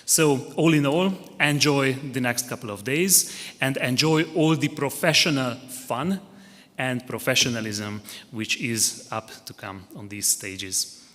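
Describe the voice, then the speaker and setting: A man giving a formal, measured welcome speech at a conference opening. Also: medium pitch, fairly bright tone, long reverb tail. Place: large conference hall.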